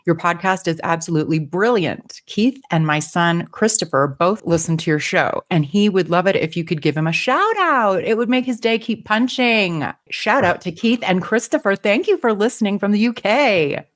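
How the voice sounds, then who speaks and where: A woman's voice: on the low side, expressive, moderate pace. A woman co-hosting a casual podcast, reading out listener comments in a playful way. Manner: playful, laughs easily. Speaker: podcast co-host.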